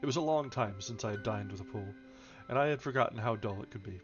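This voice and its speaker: A man with a lowish voice reads a novel aloud quickly on a livestream, audiobook-style. Now and then he stumbles on foreign names and corrects himself, and the dull lo-fi recording carries faint music.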